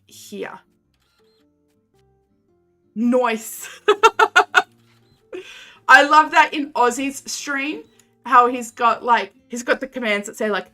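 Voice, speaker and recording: A game streamer chats casually with her viewers while she plays, rambling and giggling. Her voice is on the high side, pushed and bright. Game music plays faintly behind her.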